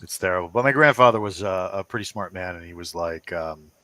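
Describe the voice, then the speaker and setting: A man's voice: low voice, brisk, bright, forceful tone, slight background noise. A man whose first language is Italian, a guest telling rambling stories in casual chat and laughing often.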